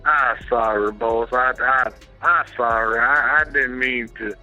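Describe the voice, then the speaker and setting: A man's voice: medium pitch, a little slow, sharp tone, dull audio, soft background music, pitched below the performer's own voice. A man voicing a huge apologetic male wrestler with a French accent, pleading in broken English.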